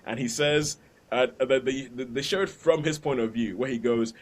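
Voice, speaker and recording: Guy on a podcast rambling about a movie, mid pitch, chuckles a lot. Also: moderate pace. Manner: chatty, laughs between points. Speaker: podcast host. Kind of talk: casual film review chat.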